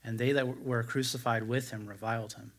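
A man's voice: medium pitch, steady tone, a little fast. A man preaching, introducing his text and reading a long scripture passage aloud in old-fashioned wording, raising his voice for the quoted cries. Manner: reads the King James text aloud, rising for quoted cries.

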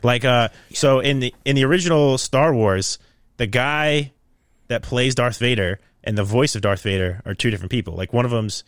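A man's voice: medium pitch, normal speed, no room sound, studio quality. A young man in casual podcast chat, rambling and laughing often, with jokey put-on voices.

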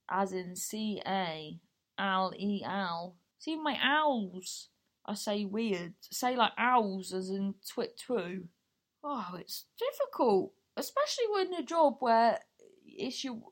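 A young adult woman comedian telling stories in a casual, rambling way, full of asides and swearing. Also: mid-range voice. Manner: rambling, chatty, swears freely, lots of fillers and asides. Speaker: stand-up comedian. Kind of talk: casual storytelling chat.

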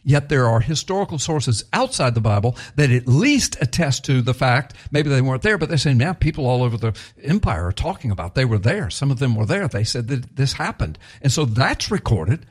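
Guy preaching, animated and chatty, repeats stuff for emphasis, voice goes way up and down. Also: medium pitch, breathy edge. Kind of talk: sermon.

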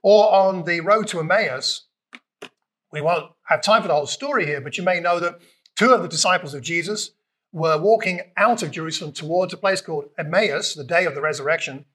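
A man with a British accent preaching a conversational sermon, retelling scripture and acting out lines with lively emphasis. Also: high-pitched, brisk. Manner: conversational, animated, acts out quotes with raised voice.

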